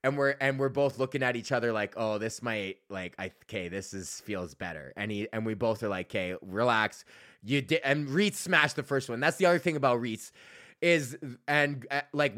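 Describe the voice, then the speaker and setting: A man hosting his own podcast, telling a profane, comedic story and reading his ads with sudden loud shouted bits. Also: mid-range voice, normal speed. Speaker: podcast host.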